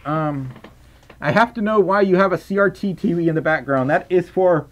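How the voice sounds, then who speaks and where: A man's voice: sits high, moderate pace. A young man chatting casually on a livestream, reading out chat and donations with playful stammers and restarts.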